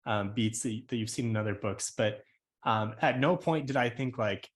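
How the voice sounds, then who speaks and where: A man's voice: medium pitch, moderate pace. A man co-hosting a podcast, chatting casually and asking long, rambling questions. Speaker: podcast co-host.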